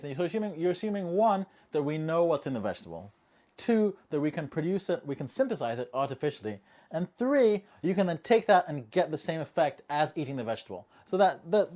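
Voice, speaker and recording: A man hosting a casual monologue video, chatty and jokey, tossing in rhetorical asides and swinging between quiet remarks and loud bursts. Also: fairly high pitch. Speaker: language-learning video host.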